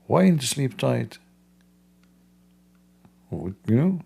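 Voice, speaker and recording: A man's voice: mid-range voice, animated, measured pace, creaky, pauses often, a little mellow, breathy edge. A man hosting a livestream, talking in a mocking, sarcastic way. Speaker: host. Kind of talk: livestream commentary.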